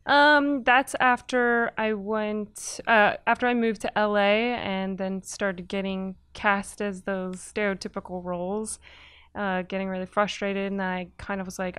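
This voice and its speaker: A woman's voice: mid-range voice, fairly bright tone, clean tone, no echo, studio quality. A woman filmmaker being interviewed on a podcast, answering in an earnest, reflective way. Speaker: filmmaker guest.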